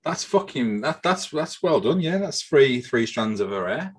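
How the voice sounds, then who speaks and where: A man's voice: mid-range voice, big pitch swings, measured pace, husky. A man co-hosting a casual podcast and reading out quiz questions, swearing and joking, often repeating himself. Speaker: podcast co-host, quizmaster. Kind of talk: casual chat.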